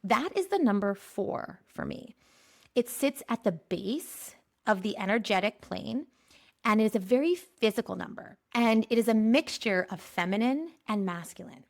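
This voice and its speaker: A woman from Pennsylvania hosting a podcast, giving a spiritual monthly energy forecast in a playful monologue, laughing often and drawing out key phrases slowly. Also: mid-range voice, expressive, vocal fry. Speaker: podcast host.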